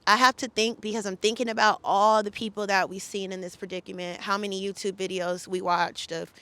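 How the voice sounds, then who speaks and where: A woman's voice: medium pitch, flat delivery, fairly quick, sharp tone. A woman from the Bay Area, a podcast guest, recounting a story in an emphatic, profane, heated way. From San Francisco Bay Area. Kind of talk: casual storytelling interview.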